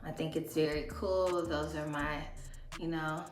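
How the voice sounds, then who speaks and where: A woman's voice: deep voice, steady tone, unhurried. Chatty woman vlogging over music. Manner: chatty, talks while doing makeup. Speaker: beauty vlogger. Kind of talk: casual get-ready-with-me chat. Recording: roomy echo with music behind.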